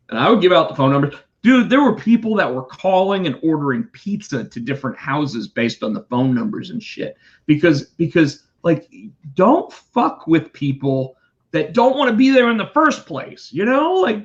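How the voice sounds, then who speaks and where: Lively, foul-mouthed storytelling man. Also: normal speed. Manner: animated, profane, acts out callers in high voices. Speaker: podcast co-host telling a work story. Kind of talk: casual storytelling chat. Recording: dull lo-fi sound.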